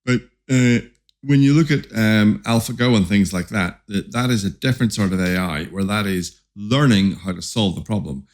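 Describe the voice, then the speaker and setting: A man with a lowish voice, talking over casual interview questions. He stumbles and restarts often, repeating words, then presses on with lively explaining. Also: moderate pace. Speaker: company founder, podcast guest.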